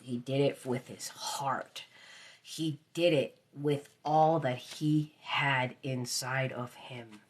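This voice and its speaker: A woman's voice: rumbling low, husky. A woman giving a live tarot reading, repeating her phrases and sometimes dropping into a whisper. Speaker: tarot reader.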